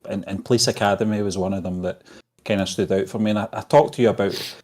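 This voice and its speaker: Low-voiced man co-hosting, easygoing. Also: fairly even intonation, fast talker, a little mellow. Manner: agreeable, hesitant with fillers. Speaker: co-host. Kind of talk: casual chat stream.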